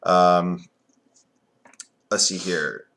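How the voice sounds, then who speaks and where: A man with a fairly low voice talks through a wrestling reality show episode in a loose, rambling way. He drops plenty of fillers and sarcastic jabs as he recaps the scenes. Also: steady tone, drawn-out words, creaky, a bit bright. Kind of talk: casual review chat.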